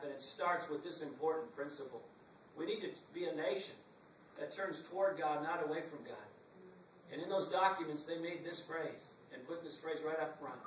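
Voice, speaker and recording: A man's voice: on the high side, fairly bright tone, recorded from a distance, slight background noise. A middle-aged man giving a campaign stump speech in a packed meeting room, emphatic and rhetorical with wry asides. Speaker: political speaker. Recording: echoey room, recorded from afar.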